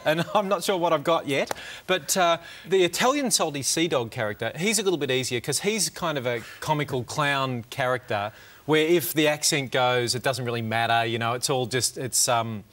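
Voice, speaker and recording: A man's voice: medium pitch, lively intonation, normal speed, a bit bright. Comedian, middle-aged man; loose, self-mocking talk full of ums and restarts. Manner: rambling, self-deprecating, many fillers. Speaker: comedian guest. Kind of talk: casual interview chat.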